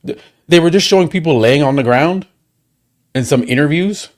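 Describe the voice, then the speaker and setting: A man hosting a livestream, ranting angrily with heavy swearing and repeated rhetorical questions. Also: fairly high pitch. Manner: profane, heated, rapid repetitions and rhetorical questions. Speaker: livestream host. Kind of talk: angry watchalong rant.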